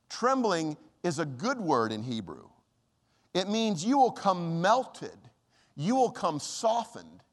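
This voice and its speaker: A man's voice: high voice, big pitch swings, takes it slowly, long reverb tail. A man preaching a sermon with passion, his voice rising and dropping sharply when he speaks for God. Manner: impassioned preaching, dramatic rises and drops when quoting God. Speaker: pastor.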